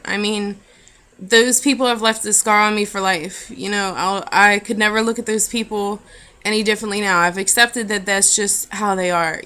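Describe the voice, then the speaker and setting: Earnest young woman with a bright voice. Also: medium pitch. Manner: earnest, halting, emotional. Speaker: vlogger. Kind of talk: personal confessional vlog.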